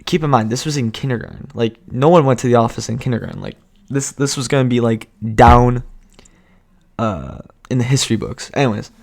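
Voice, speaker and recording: A man's voice: mid-range voice, fairly quick, vocal fry, a little mellow. A young man vlogging a casual storytime, rambling and cutting himself off, laughing often.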